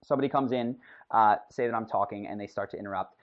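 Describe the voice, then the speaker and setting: A man's voice: on the low side, quick pace, dull audio. A man teaching a recorded video lesson, explaining in an emphatic way and acting out sample lines. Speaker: communication instructor.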